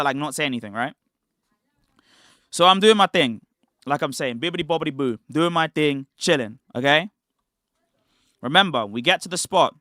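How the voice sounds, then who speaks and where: A man's voice: fairly high pitch, pushed and bright, no echo, studio quality. A young British man telling a rambling story in casual slang on his livestream. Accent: British English. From Britain. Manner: rambling, slangy, quick restarts. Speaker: streamer.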